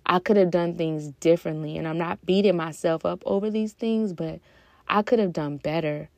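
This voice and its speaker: Earnest woman podcaster with a gravelly low voice. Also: moderate pace, a little mellow, no echo. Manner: earnest and heartfelt, with hesitant fillers. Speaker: podcast host. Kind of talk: reflective personal podcast talk.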